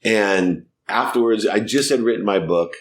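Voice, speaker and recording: Deep-voiced man telling animated stories. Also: normal speed. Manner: animated, laughing storyteller. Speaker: guest, sports marketing executive. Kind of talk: storytelling in a podcast interview.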